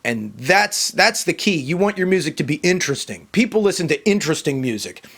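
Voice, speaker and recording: A man's voice: on the high side, big pitch swings, fairly quick, creaky, a bit bright. A man ranting casually to camera, emphatic and rambling, often repeating himself. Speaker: vlogger. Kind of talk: casual opinion rant to camera.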